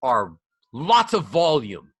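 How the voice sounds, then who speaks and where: A man's voice: medium pitch, wildly swooping pitch, slow pace, husky, no room sound. A middle-aged man, a voice coach being interviewed, talking in a demonstrative way and shifting volume and melody to show his examples. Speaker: voice coach guest. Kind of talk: animated interview talk. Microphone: small ball microphone close up.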